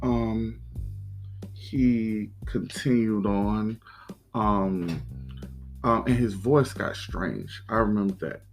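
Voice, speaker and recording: A man hosting a podcast, telling a personal story in a halting, reflective way, with many pauses and restarts. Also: fairly low pitch, faint music behind, poor audio. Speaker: podcast host.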